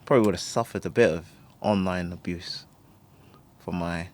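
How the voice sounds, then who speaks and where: A man co-hosting a casual podcast spins lively stories in a low voice at a moderate speed, laughing often and cursing freely along the way.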